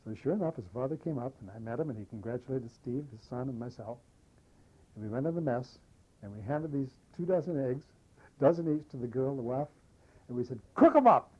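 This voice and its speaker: An older man recounting wartime memories in an oral history interview, a lively storyteller who acts out the dialogue. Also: medium pitch, brisk, breathy edge, poor audio. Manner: lively anecdotal storyteller, animates quoted dialogue. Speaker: war veteran interviewee.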